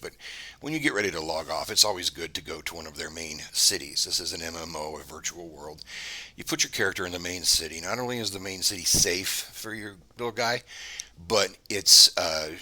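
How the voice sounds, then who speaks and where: A man speaks in a low, husky voice with a sharp, edgy tone. He tells a story to camera in a casual, rambling way, doubling back and restarting his sentences as he goes. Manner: meandering, conversational, many restarts. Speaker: channel host.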